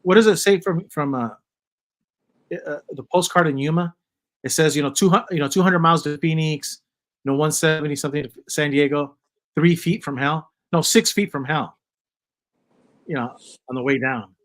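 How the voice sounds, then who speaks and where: A man in his fifties hosting a casual livestream chat, rambling and joking in a loose, animated way. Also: a little high, normal speed, low-quality recording. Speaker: host.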